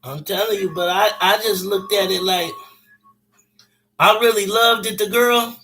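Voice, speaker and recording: A man's voice: high voice, unhurried, sharp tone, faint music behind. A man telling a personal story casually, in blunt, profane street slang.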